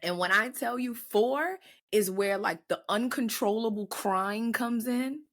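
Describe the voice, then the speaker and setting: A young woman co-hosting a casual podcast, telling stories in an animated way and acting out quotes. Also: a little high, unhurried. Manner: animated storytelling, acts out quotes. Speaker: podcast co-host. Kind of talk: casual chat.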